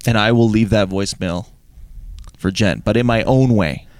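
A man's voice: on the low side, moderate pace, a little mellow, no echo. A man co-hosting a casual comedy podcast, teasing and mock-earnest as he breaks down a voicemail. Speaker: podcast co-host.

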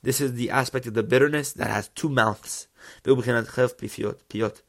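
Man, Torah teacher, mid-pitched voice, reads Hebrew then translates, asks and answers his own questions. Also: steady tone, a little fast. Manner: poses rhetorical questions and answers them. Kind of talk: religious text lesson.

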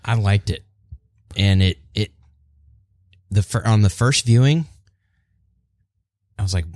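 A man chatting casually about a film, telling it in an animated way and acting out quoted lines. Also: lowish voice, slow pace, dry recording, clean studio sound. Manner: animated storyteller, acts out quotes. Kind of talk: casual chat.

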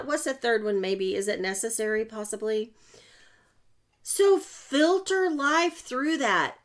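A woman talks through a motivational podcast monologue in a slightly high voice. She is chatty and self-mocking, with sudden loud, excited bursts. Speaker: podcast host and coach.

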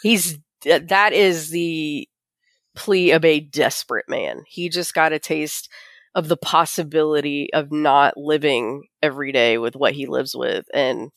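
A woman's voice: low voice, measured pace, no echo, clean studio sound. A woman co-hosting a casual podcast, giving emphatic opinions with laughs, recovering from the flu. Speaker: podcast co-host. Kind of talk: casual recap chat.

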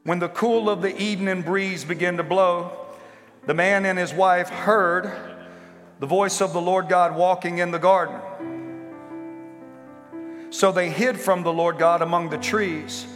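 A male pastor preaching a sermon to a congregation, building to impassioned shouting and repeated rhetorical questions. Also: high-pitched. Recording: live sermon in a reverberant hall with faint instrument.

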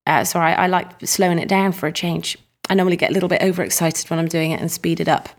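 A woman co-hosting a podcast in casual chat, animated and quick to laugh. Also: on the low side. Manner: chatty, laughs easily, animated. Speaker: podcast co-host.

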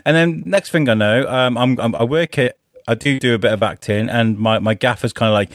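A man's voice: medium pitch, normal speed, dry recording, studio quality. A man hosting a podcast from his bedroom, chatty and jokey, slipping into little voices. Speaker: podcast host. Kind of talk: casual interview chat.

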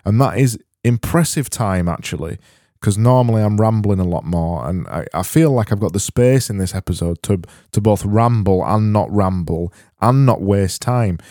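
A man hosting a solo comedy podcast, rambling deadpan and often stopping to correct himself. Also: fairly low pitch, moderate pace, no room sound, clean studio sound. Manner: rambling, self-interrupting, deadpan. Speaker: podcast host.

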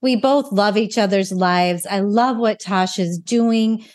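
A woman's voice: medium pitch, takes it slowly, darkish tone. Enthusiastic woman hosting a podcast. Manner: enthusiastic, gushing. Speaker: podcast host. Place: her barn. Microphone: video call.

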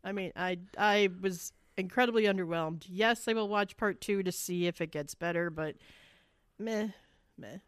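A woman's voice: fairly low pitch, moderate pace, hardly any pauses, slight background noise. Blunt, dry-humored woman co-host. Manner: dry, blunt opinions with verbal shrugs. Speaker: podcast co-host. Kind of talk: casual chat.

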